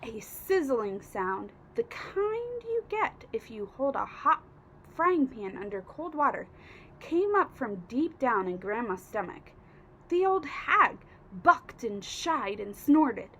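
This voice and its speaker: A woman reading a children's storybook aloud with expressive narration. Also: a little high, takes it slowly, a little hiss or hum. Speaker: reader.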